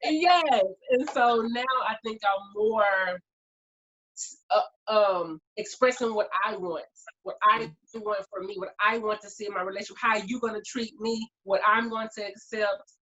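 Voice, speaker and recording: A woman's voice: mid-range voice, measured pace, muffled recording. A woman in her forties, talking candidly and openly in a casual group chat. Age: 40s. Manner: candid, animated storyteller.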